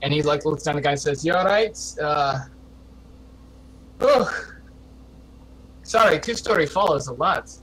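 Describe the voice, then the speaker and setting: A man's voice: a little high, fast talker, hardly any pauses, a bit bright, slightly rough, low-quality recording. Rambling man playing a tabletop game. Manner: rambling, self-correcting, laughing. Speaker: player. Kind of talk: casual tabletop play.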